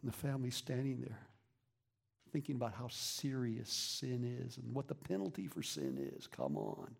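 A man preaching a sermon as a pastor, moving between lively emphasis and hushed whispers. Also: mid-range voice, moderate pace, gravelly, slightly rough. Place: church.

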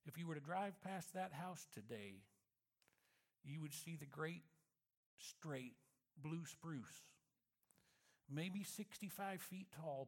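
Man, high pitch, sermon storytelling, reflective, soft emphasis. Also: lively intonation, vocal fry. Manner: reflective, slows and softens for emphasis.

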